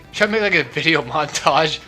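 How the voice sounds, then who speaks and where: A man's voice: a little high, lively intonation, measured pace, pushed and bright. A young man rambling through casual gameplay commentary as a let's play host, talkative and self-mocking. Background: faint game music.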